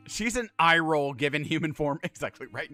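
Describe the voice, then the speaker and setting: A man's voice: a little high, lively intonation, brisk, bright, forceful tone, faint music behind. A man in his thirties streaming a game, talking casually, swearing freely and turning earnest when he praises others. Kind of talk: casual gameplay commentary.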